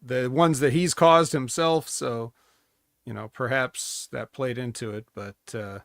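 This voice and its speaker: A man co-hosting a wrestling podcast, measured and dryly skeptical, reasoning his way through points. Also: medium pitch, fairly even intonation, creaky, fairly bright tone, no room sound, clean studio sound. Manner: measured and dryly skeptical, talks himself around. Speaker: podcast co-host. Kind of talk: casual wrestling chat.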